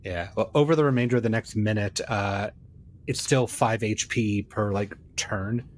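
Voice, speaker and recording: A man's voice: on the low side, normal speed. A man player at a tabletop game, talking in a hesitant, easygoing way. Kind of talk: casual tabletop gaming chat.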